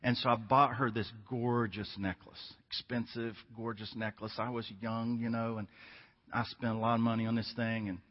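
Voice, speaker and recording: A man's voice: medium pitch, breathy edge. A man preaching as a guest speaker, telling a funny story to the congregation before his sermon. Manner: animated storytelling, jokes with the congregation. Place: church sanctuary. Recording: dull sound in a reverberant church hall.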